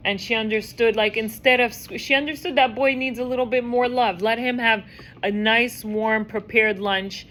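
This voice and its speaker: A woman teaching a class, telling a story in a lively, chatty way and acting out the voices. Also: fairly high pitch, normal speed, slight background noise. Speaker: teacher leading a women's class. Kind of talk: casual storytelling lesson.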